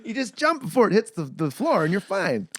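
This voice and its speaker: A man's voice: sits high, no room sound. Guy on a movie podcast, voice bounces all over, dry close mic. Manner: animated, acts out movie lines in quick voices. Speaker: podcast co-host. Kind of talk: casual movie-review chat.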